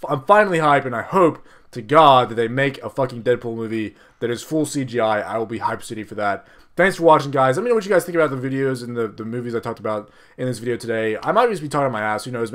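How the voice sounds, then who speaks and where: A young man giving casual gameplay commentary, rambling and profane, with excitable bursts and frequent restarts. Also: mid-range voice. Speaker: gaming video creator.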